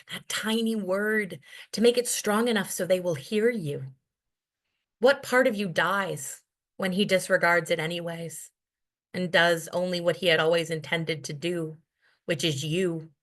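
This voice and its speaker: A woman's voice: lowish voice, fairly bright tone. Woman performing intense spoken-word poetry. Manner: rhythmic rhyming delivery, intense and earnest; wry, self-deprecating asides between poems. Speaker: featured poet at an open mic.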